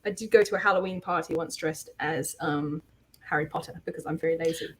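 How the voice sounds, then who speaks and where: A low-pitched, brisk woman's voice with a breathy edge belongs to an artist co-host from southeast England. Her Kentish accent comes through in casual chat, where her sentences often lift upward at the close.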